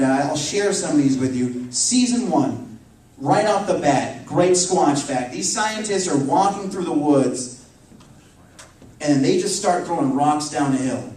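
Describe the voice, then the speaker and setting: A man doing a profane, deadpan stand-up routine on a comedy club stage, with the audience laughing. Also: fairly high pitch. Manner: deadpan, profane, mocking repetition. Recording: echoey club, distant mic, crowd.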